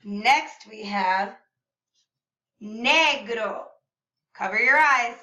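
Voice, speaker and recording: Bright, slow-talking woman teacher, echoey room. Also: fairly high pitch. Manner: upbeat, slow and clearly enunciated, modeling words for repetition. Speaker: Spanish teacher. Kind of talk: video lesson for kids. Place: classroom or room at home. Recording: echoey room, slightly far from mic.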